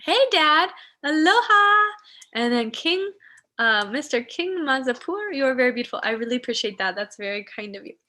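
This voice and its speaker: A woman hosting a live-streamed meditation ceremony, speaking softly and slowly in devotional blessings and chatting to viewers. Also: fairly high pitch. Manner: soft, slow and devotional when blessing. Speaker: spiritual teacher and ceremony host.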